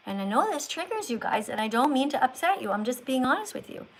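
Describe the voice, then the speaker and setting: A woman's voice: sits high, big pitch swings, fast, a little hiss or hum, poor audio. Earnest preachy woman live-streaming. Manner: earnest and preachy, pleading with viewers; reads out viewer names and thanks them. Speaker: livestream host. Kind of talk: live-stream chat to viewers.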